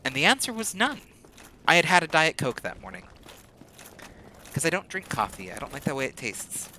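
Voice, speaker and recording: A man chatting casually while streaming a game, rambling and often speeding up into rapid talk. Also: fairly high pitch. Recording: steady background noise.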